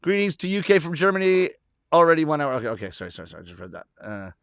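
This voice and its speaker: A man's voice: a little high, sing-song, very fast, gravelly, a bit bright, clear, resonant tone, no echo, clean studio sound. Chatty man hosting a livestream. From Canada. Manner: chatty, reads comments aloud, self-deprecating laughs. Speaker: livestream host reading chat. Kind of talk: casual chat.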